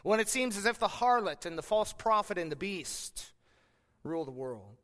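A man preaching an earnest sermon in a high, bright voice. He stresses key words with slow, deliberate pauses. The sound carries the long reverb of a church hall. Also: very animated. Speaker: pastor.

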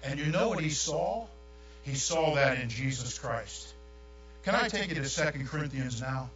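An older man, preaching a sermon with folksy, animated storytelling. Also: medium pitch, normal speed, recorded from a distance, soft background music. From New York. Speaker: pastor. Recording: echoey room, dull sound, mains hum.

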